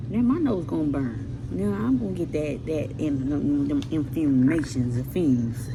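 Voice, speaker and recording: A young woman in her twenties from Baltimore, with a Baltimore accent, telling stories in an animated, slangy vlog chat from her car. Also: low voice, measured pace. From Baltimore, Maryland. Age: 20s. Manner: animated storytelling, loud put-on shouting in retold quotes, swearing slang. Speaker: vlogger. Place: in a car and around town. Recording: noisy phone vlog with car and street noise.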